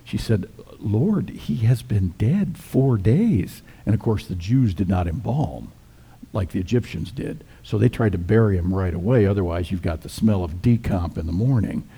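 A middle-aged male pastor tells a scripture story in a folksy, conversational way, like a sermon shared with friends. His voice sits low and mellow, with a husky, slightly worn grain. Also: brisk.

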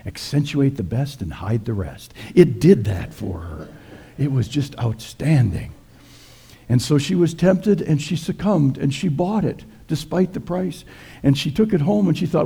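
A man preaching a sermon, telling folksy jokes in a relaxed storytelling way. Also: medium pitch, moderate pace, gravelly, breathy edge. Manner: folksy, joking. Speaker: pastor.

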